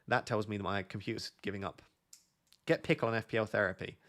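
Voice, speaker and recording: A man's voice: fairly low pitch, steady tone, quick pace, a bit bright. A man chatting casually on a live stream, waffling and joking as he answers questions from viewers.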